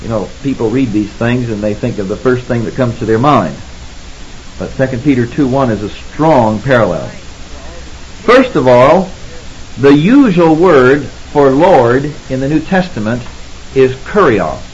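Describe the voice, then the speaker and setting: A man giving an expository Bible lecture, measured and deliberate, pausing to stress key words. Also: mid-range voice, lively intonation, muffled recording. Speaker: Bible teacher.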